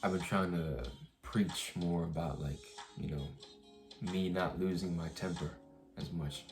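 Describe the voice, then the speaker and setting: A young man with a deep, low voice vents casually to his camera. He circles back and restarts his sentences, swearing as he retells the story. Faint music plays underneath. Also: steady tone, a little slow. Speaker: vlogger.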